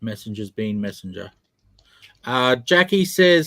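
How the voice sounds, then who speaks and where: A man's voice: medium pitch, animated, normal speed, no echo. A man hosting a casual live-stream chat, chatty and self-mocking. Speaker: host.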